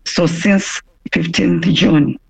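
A woman giving a phone interview, hoarse from a cough, speaking haltingly with many pauses and restarts. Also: deep voice, big pitch swings, poor audio. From Uganda.

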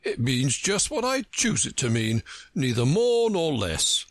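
A pompous, contemptuous egg of a know-it-all, as a man reading a storybook puts him on, lecturing with big swoops of pitch. The voice has a gravelly, husky grain. It is recorded dry. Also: unhurried, dry recording, heavily acted. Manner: pompous, contemptuous, lively lilting delivery.

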